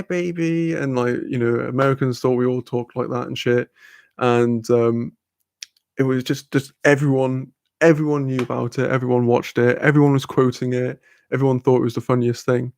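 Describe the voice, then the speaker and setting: A British man rambles through a casual live-stream chat, reading viewer comments, swearing freely and laughing often. His ordinary-pitched voice carries a gravelly fry and is slightly mellow. The audio is dry and close, without room echo.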